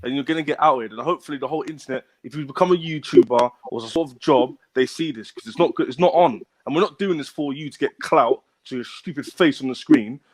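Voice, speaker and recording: A man's voice: medium pitch, fast, hardly any pauses. A man on a livestream panel bluntly scolding someone. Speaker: panel guest.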